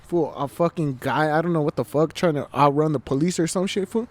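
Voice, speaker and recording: A man's voice: fairly high pitch, fairly quick. A man telling a story in a casual podcast chat, slangy and profane, calling everyone "fool" and piling on restarts. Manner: slangy, swears a lot, says "fool" constantly. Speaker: podcast co-host. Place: outdoors at night. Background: faint train.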